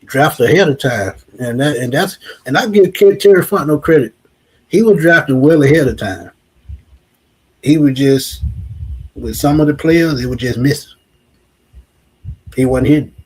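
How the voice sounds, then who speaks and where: A man's voice: fairly high pitch, animated, unhurried, pauses often, a little mellow, slightly rough, rough recording. A man, co-hosting a casual sports talk show and musing back on what he has seen. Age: 40s. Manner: reflective, repeats "like I said".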